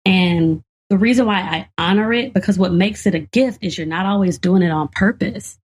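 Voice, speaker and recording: A woman's voice: fairly low pitch, normal speed, breathy edge. A woman in her thirties, a comedian and actor, talking casually on a podcast and laughing often as she tells stories. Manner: laughs often, animated storytelling.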